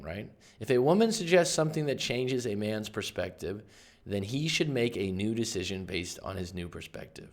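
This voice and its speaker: Low-voiced man coaching emphatically. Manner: emphatic, conversational, with sudden loud bursts. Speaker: life coach. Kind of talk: casual explanatory book commentary.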